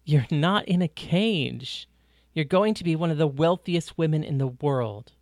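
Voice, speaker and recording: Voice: medium pitch, unhurried, a little mellow, no echo, clean studio sound, lightly acted. A reader voicing Odysseus, a friendly, earnest man, in an audiobook. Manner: earnest, puzzled questions. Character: friendly careful man, a guest at breakfast. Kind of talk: audiobook reading.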